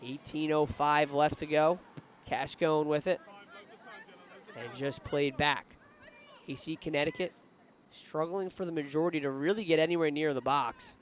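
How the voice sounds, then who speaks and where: Commentating live on a women's soccer match, a man with a voice on the high side talks at normal speed but leaves long pauses. When attacking plays develop, he raises his voice with growing excitement.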